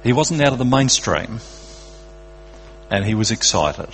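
An older Australian man preaching a sermon in an earnest, conversational way, going from lively emphasis to quiet drops. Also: fairly low pitch, measured pace, slight background noise, low-quality recording.

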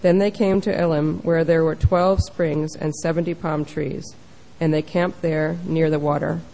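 A woman reading a scripture passage in a calm, measured way. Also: low voice, gravelly, poor audio.

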